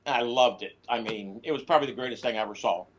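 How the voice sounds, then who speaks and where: A man's voice: mid-range voice, fast talker, rough recording. A man, a former prisoner, telling stories in a casual interview, quoting others as he goes. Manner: animated storyteller, quotes others in voice.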